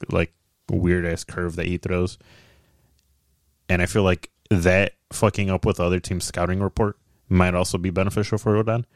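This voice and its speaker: Deep-voiced man in casual sports chat. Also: darkish tone, dry recording, studio quality. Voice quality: bassy voice. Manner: laid-back, swears often, laughs a lot. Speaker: podcast co-host.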